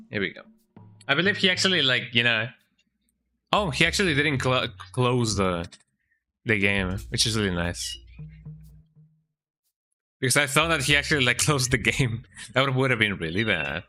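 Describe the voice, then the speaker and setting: Bright chatty guy streaming a game, keeps tacking on "eh?", faint game music behind. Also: mid-range voice, animated, normal speed, pauses often. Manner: chatty, tags sentences with "eh?", talks to his cat. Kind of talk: casual gameplay commentary.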